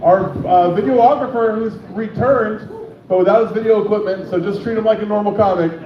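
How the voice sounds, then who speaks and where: A man's voice: high-pitched, a little fast. A man hosting a comedy show, joking loosely and introducing the next comic. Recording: echoey dull room recording. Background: crowd.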